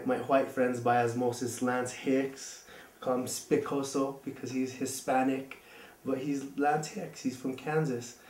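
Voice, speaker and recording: A man's voice: mid-range voice, darkish tone, roomy sound. Man telling a casual rambling story. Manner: casual, rambling, lots of fillers. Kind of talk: personal storytelling.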